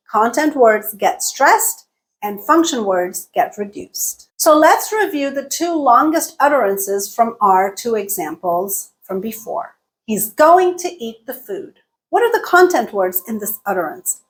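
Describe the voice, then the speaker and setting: A woman teaching English pronunciation, modeling example sentences slowly and exaggerating the stressed words. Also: on the high side. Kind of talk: slow, deliberate teaching.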